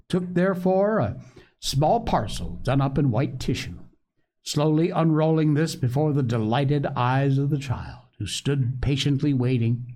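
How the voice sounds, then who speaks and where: A man reads a children's story aloud at an unhurried pace. His voice moves lively up and down in an average pitch, giving each sentence colour. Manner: slow, expressive reading. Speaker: audiobook narrator. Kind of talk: storybook narration.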